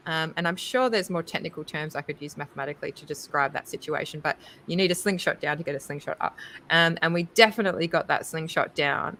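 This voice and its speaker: A woman talking casually on a crypto panel, chatty and animated, with many ums and likes. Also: sits low. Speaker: crypto conference speaker. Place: livestreamed panel.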